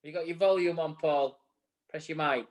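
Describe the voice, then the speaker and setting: A man's voice: a little high, moderate pace. A man co-hosting a live barbering show, chatty and joking with guests. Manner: jokey, chatty, encouraging. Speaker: podcast co-host.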